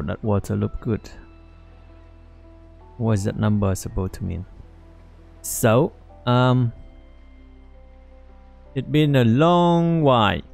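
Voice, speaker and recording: A man giving halting, rambling commentary while playing a game, with many fillers. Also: mid-range voice, creaky, darkish tone. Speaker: let's play host. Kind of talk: casual gameplay commentary.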